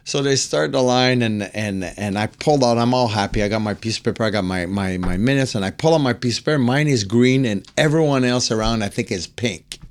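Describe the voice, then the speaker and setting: Man, podcast guest, mid-pitched, storytelling, voice climbs when excited. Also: a little fast, few pauses. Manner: acts out quotes, swings higher when excited. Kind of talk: animated storytelling.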